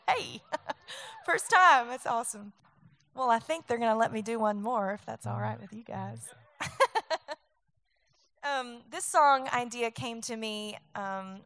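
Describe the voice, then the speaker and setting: High-voiced giggly young woman singer. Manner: bubbly, giggly, rambling with fillers. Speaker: guest singer. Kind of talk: live performance with chatty song introduction. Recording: live music stage with loud guitar.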